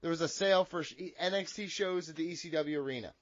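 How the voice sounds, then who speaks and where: Male podcast host, high voice, crude rambling banter, dry and dull lo-fi sound. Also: fast, a bit bright, no room sound. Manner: crude, profane, rambling joking. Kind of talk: casual chat.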